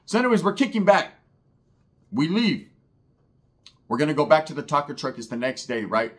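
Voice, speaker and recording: A man spins a comic story with profane, slang-heavy rambling. His voice sits a little high for a man, loose and conversational. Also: sing-song, normal speed. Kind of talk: comedic storytelling.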